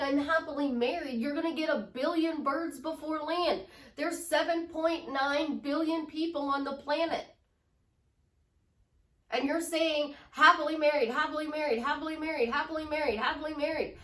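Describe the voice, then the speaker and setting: A woman from Chicago talks as a relationship life coach, slow and high-voiced with an upbeat, gushing manner. Her voice sits back from the mic. The room around her is echoey. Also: fairly bright tone, distant mic. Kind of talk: motivational vlog talk.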